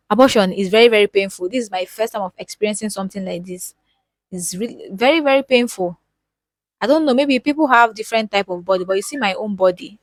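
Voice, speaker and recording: A woman's voice: medium pitch, no room sound. A young woman with a Nigerian accent, speaking emotionally and repeating words for emphasis as she tells a personal story to her viewers. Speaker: vlogger.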